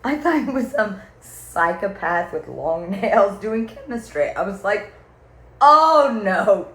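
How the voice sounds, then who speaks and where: Recorded in an echoey room with faint background ambience, a medium-pitched woman with lively intonation and a measured pace rants to her viewers. The monologue is funny, meandering and theatrical, packed with swearing and fillers.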